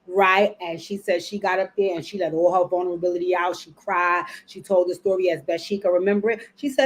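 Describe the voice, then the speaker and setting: A woman's voice: lowish voice, steady tone, a little fast, hardly any pauses. A woman in casual vlog commentary, reviewing a documentary in a chatty, emotional way, repeating words for emphasis and cursing freely.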